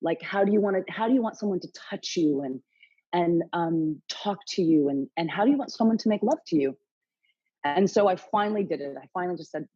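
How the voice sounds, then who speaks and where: A woman's voice: on the low side, expressive, a little fast, dark tone, breathy edge, dry recording, muffled recording. A woman in her late forties, a podcast guest telling her story frankly, swearing freely and acting out her own inner dialogue. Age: late 40s. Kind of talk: candid interview storytelling.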